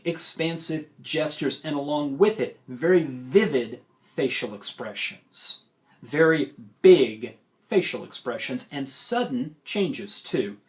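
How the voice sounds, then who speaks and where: Middle-aged male lecturer, public speaking instructor, animated and demonstrative, talking straight to camera. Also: mid-range voice. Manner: animated, demonstrates big vocal range and gestures.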